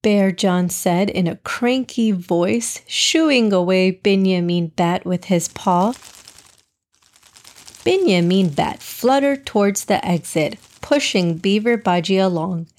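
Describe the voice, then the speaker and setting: Slow, calm woman telling a children's story. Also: mid-range voice. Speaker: narrator. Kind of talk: scripted storybook narration.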